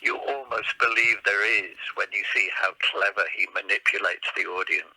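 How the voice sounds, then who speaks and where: A man's voice: fairly low pitch, steady tone, moderate pace, pushed and bright, breathy edge, no echo, low-quality recording. An older man, a guest impressionist, telling rambling anecdotes in casual chat.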